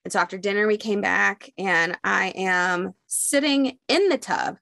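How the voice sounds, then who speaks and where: A young woman tells a personal story in casual talk-show chat, with a gravelly rasp running through her speech. She is animated and jumps into raised voices when quoting people. The sound is dry and close. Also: mid-range voice, measured pace, no room sound. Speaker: podcast co-host.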